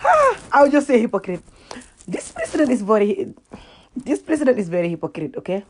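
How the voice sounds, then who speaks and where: A woman's voice: mid-range voice, very animated, brisk, a little mellow, slight background noise. A Gambian woman whose first language is Wolof, ranting casually in a video, often laughing at herself and repeating words as she searches for them. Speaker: vlogger. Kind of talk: casual reaction rant.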